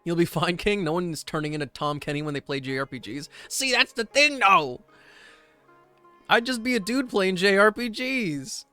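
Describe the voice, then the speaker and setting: A male streamer chats casually while he plays, rambling and poking fun at himself. His voice is bright, smooth and fairly high for a man. Soft music plays faintly behind him. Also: expressive, normal speed, no room sound. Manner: rambling, self-deprecating overthinker. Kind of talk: casual gaming stream chat.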